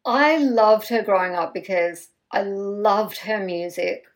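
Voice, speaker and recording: A woman guest on a podcast, telling stories in an animated, self-mocking way. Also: mid-range voice, takes it slowly. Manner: lively, self-mocking storyteller.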